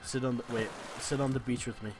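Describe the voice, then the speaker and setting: A young man co-hosting a casual let's-play, excitable and laughing with loud bursts. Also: medium pitch, fast talker, background noise. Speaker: gaming channel co-host. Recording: game music behind.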